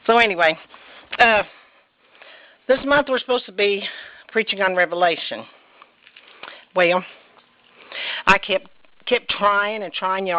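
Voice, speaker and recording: A woman from Indianapolis, United States, with a fairly low voice preaches a casual, folksy sermon in a church sanctuary, chatty and rambling with self-deprecating laughs. The recording is muffled, with no room sound.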